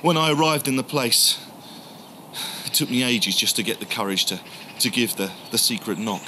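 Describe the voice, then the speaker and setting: A man telling the story in the first person as a grieving, doubting male disciple, halting and emotional, repeating words. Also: mid-range voice, lively intonation, pushed and bright, slight background noise. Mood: bitter.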